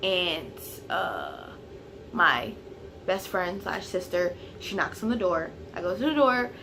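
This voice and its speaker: Bright-voiced woman telling a story. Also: lowish voice, big pitch swings, slow pace, a little hiss or hum. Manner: chatty, filler-heavy storytelling; grows loud and heated when retelling the fight. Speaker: vlogger. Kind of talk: casual storytime vlog.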